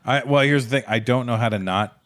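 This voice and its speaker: A man hosting a casual chat, teasing his guest with deadpan jokes. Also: mid-range voice, fairly quick. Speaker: podcast host.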